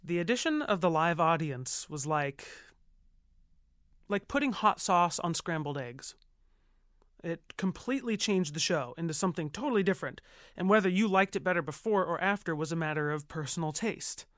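An actor playing a flustered, earnest showrunner who narrates an audio drama and stammers through restarts. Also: male voice, a little high, lively intonation, normal speed, a bit bright, no room sound, studio quality. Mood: wry. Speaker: TV show producer.

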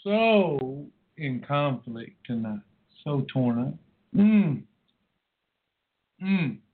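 A man's voice: fairly high pitch, sing-song, drawn-out words. A man in his forties hosting a rambling personal monologue, emotional and preachy in manner. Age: 40s. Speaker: host. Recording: tinny phone-like sound.

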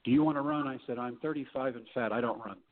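A man's voice: medium pitch, fast talker. A middle-aged man telling his story as a podcast guest in a folksy way, acting out the people he quotes. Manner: folksy, acts out quoted voices. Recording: tinny phone-like line.

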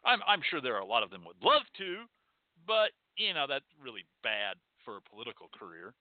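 Hosting a call-in show, a Southern US man with a mid-range voice launches into a fiery, profane, rhetorical monologue packed with repeated phrases. His pitch swoops wildly and he speaks fairly quickly, and the sound is tinny, phone-like, and dry with no echo.

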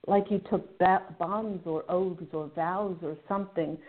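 A lowish-voiced woman hosts a call-in radio reading, talking effusively and filling pauses with "uh" and "let me see". The sound is thin and phone-like. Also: steady tone. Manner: warm, effusive, relays messages with many fillers. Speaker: radio show host and psychic reader. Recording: phone-like narrow audio.

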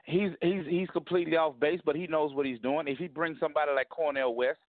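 A man's voice: on the high side, steady tone, fast talker, dry recording, phone-quality sound. A man, a comedian calling into a radio show, speaking emphatically and repeating himself as he makes his points in street slang. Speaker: comedian guest. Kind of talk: phone interview.

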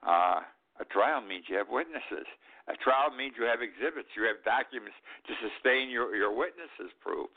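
A man's voice: mid-range voice, expressive, normal speed, vocal fry. Indignant older man on a tinny line. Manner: indignant, emphatic, repeats points. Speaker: talk show host. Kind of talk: political commentary monologue.

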